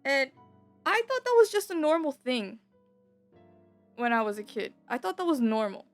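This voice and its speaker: High-voiced young woman telling a rambling story. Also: big pitch swings, normal speed, no echo. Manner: rambling, slangy, full of "like" and "bro". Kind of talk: casual personal storytelling. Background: soft background music.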